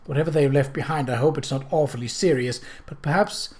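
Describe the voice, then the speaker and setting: A woman's voice: deep voice, a little fast, darkish tone, lightly acted. A man reading aloud, voicing a chatty young woman photographer who frets sweetly. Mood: fretful.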